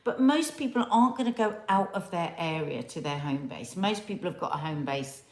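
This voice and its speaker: Chatty British woman, lowish voice. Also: animated, brisk. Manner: chatty, questioning, playful. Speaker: co-host. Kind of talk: casual live chat. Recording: echoey room.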